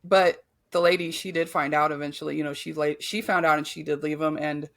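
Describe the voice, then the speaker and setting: A woman's voice: low-pitched, steady tone, brisk, creaky, fairly bright tone. A woman guest on a podcast, telling a painful personal story candidly and bluntly, with frequent swearing and filler words.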